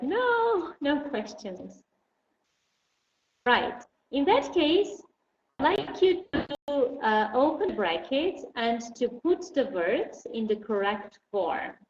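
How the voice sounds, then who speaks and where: A woman teaching an online English lesson. She explains patiently and slowly, with many fillers. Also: on the high side, sing-song, a little mellow. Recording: dull roomy recording, faint noise.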